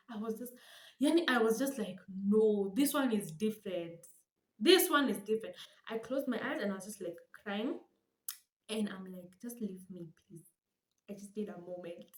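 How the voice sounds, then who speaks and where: Lively Kenyan woman telling a storytime. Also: a little high, echoey room. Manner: animated, dramatic, code-switching, laughing asides. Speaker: vlogger. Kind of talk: storytime vlog.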